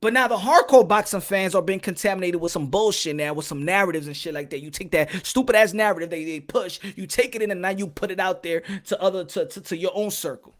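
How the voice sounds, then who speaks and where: A man's voice: sits high, quick pace, hardly any pauses. A man hosting a boxing podcast, ranting in a heated, profane way and firing off repeated rhetorical questions. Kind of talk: solo opinion rant.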